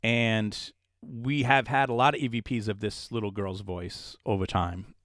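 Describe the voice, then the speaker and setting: A man, a paranormal investigator being interviewed, telling stories in a casual, animated way and acting out the voices of people he quotes. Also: on the low side, unhurried, no room sound, studio quality.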